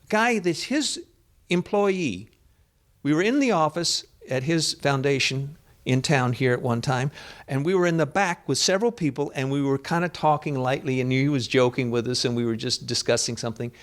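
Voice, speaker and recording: A man leading a lively spiritual group discussion, telling stories and acting out what others said. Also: mid-range voice, moderate pace. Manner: animated storyteller, acts out quotes. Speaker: discussion leader.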